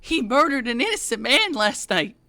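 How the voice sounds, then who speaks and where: A woman's voice: a little high, sing-song, normal speed, bright, forceful tone. A woman playing a panicked shapeshifting spirit in a young man's form, stammering and pleading frantically.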